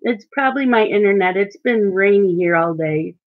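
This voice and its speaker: Woman host, casual live-stream chat while coloring, mid pitch, slightly dull home-mic sound. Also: normal speed. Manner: chatty, reads out and answers viewer chat.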